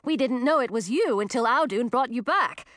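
A woman voicing an eager young boy who talks in an excited rush. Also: on the high side, moderate pace, no echo, clean studio sound, voice pushed up.

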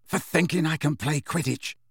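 Guy doing a mopey mumbling teen boy, a bit higher, storybook. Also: normal speed, breathy edge, no room sound, studio quality. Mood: glum. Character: glum self-blaming teenage boy.

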